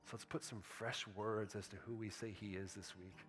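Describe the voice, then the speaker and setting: A man's voice: lowish voice, fairly even intonation, normal speed. A man preaching a sermon in a casual, conversational way. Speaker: pastor. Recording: soft guitar music behind.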